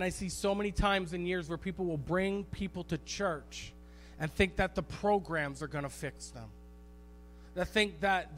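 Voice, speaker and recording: A man preaching a sermon as pastor in a church, animated and storytelling, repeating phrases for emphasis. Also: high-pitched. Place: church sanctuary.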